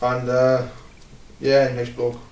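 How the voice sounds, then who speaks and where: A Welsh man recalls his wrestling career in a loose, meandering way, full of pauses and blunt remarks. His voice sits at an ordinary pitch and sounds roomy and set back from the microphone. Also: monotone, a little mellow. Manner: rambling, blunt, many filler pauses. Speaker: wrestler being interviewed. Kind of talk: casual shoot interview. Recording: roomy, distant mic.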